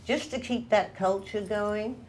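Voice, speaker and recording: A woman's voice: mid-range voice, fairly even intonation, a little slow, a little mellow, low-quality recording. A woman guest in casual conversation, talking in a firm, plain way.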